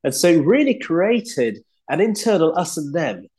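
A clergyman from Leeds with a Yorkshire accent, telling stories from his own life in a relaxed, reflective way with frequent pauses. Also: a little high. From Leeds, England. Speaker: guest, clergyman. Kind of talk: conversational storytelling.

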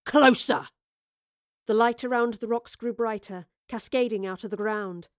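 A woman reads a story aloud in measured, vivid narration. Her voice sits fairly high, and the recording is close and dry with no room sound. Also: fairly even intonation, dry recording. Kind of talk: scripted audiobook narration.

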